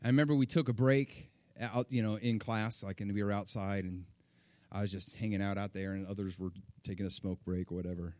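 Animated man preaching a story, dry sound. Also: on the low side, a little fast, no echo. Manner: animated, acts out quoted voices. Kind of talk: sermon storytelling.

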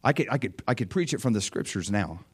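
A man's voice: lowish voice, expressive, fast, slightly rough. Fervent male preacher with dynamic swings. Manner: fervent, swings between hushed asides and loud surges; restarts and stumbles over words. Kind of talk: sermon, recounting a vision.

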